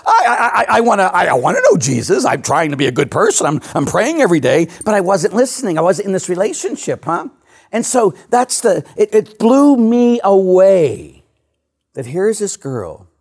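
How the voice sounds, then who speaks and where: A priest, preaching a sermon in animated storytelling that often laughs at himself. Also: male voice, mid-range voice.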